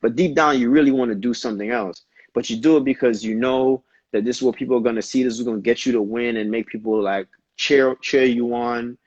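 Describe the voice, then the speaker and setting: A young man from Brooklyn, a dancer, talking casually in an interview and telling animated, slangy stories in quick bursts. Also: mid-range voice, no room sound, lo-fi sound. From Brooklyn, New York. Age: young adult. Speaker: dancer, guest.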